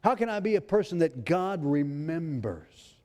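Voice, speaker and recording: A pastor preaching a sermon, reading scripture aloud in a pleading preacher's cadence. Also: male voice, a little high, sing-song, a little slow, darkish tone. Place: church sanctuary. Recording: long hall reverb.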